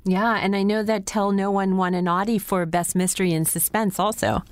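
A woman's voice: mid-range voice, steady tone, moderate pace, dry recording. A woman hosting an interview in a friendly, upbeat way. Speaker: interview host. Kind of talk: interview chat.

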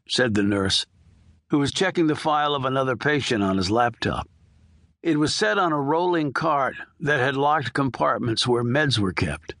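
A man narrating an audiobook in a steady, unhurried storytelling manner. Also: mid-range voice, no room sound, studio quality. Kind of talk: audiobook reading.

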